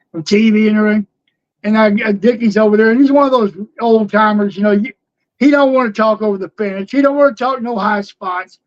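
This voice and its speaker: Through a muffled recording comes an extremely high-pitched older man, once a wrestler, casually recounting life on the road for a podcast. He laughs often and plays out each person he quotes.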